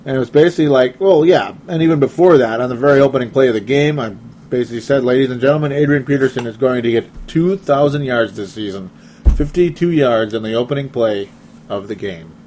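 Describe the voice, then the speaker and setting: A man's voice: mid-range voice, fast talker, darkish tone, a little hiss or hum. A young man hosting a casual sports talk show, rambling and laughing often as he reads listener comments. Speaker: podcast host.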